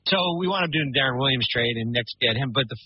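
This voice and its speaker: A man's voice: mid-range voice, animated, fast talker, breathy edge, no echo. A man telling rambling stories in casual talk-show chat, full of fillers and restarts. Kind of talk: casual storytelling. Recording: muffled radio broadcast.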